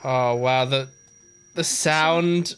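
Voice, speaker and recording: A woman's voice: a bass voice, extremely slow. A woman hosting an anime reaction video, talking casually and emotionally, with exclamations and swearing. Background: faint anime music.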